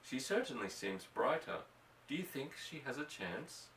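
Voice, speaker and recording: A man voicing an anxious ranch wife and mother, speaking softly and with worry. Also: mid-range voice, big pitch swings, unhurried. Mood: anxious, hushed. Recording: roomy, distant mic.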